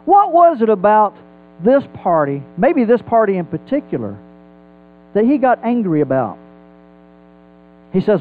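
A man with a high voice teaching a Bible sermon in an animated way, asking his listeners rhetorical questions. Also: unhurried, pauses often, narrow, tinny audio. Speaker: preacher.

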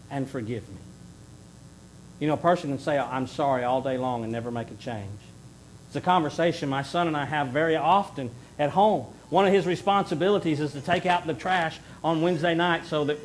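A middle-aged male pastor preaches in earnest with a fairly high voice, pushing points hard and then sinking to a hushed plea. A faint rumble runs under the recording. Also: low-quality recording. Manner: earnest preaching, swings between loud emphasis and hushed pleading. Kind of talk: sermon.

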